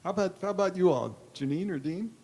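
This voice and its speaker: A man leading a live congregation through a guided exercise, relaxed and chuckling, slowing down to speak each phrase deliberately. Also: sits high. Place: gathering hall with a live audience.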